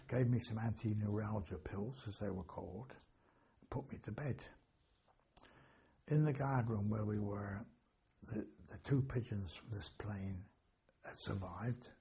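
An older man with a deep, gravelly voice that is very husky and mellow. He tells his story in a rambling, anecdotal way and corrects himself now and then. The recording sounds dull and lo-fi. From England. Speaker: interviewee, war veteran. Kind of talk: oral history recollection.

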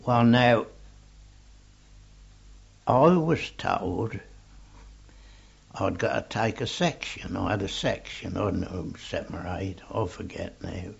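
A man's voice: deep voice, slow pace, creaky, long pauses, husky. An older man with an English accent, recalling his soldiering days in a rambling, plainspoken oral history on a dull old tape recording.

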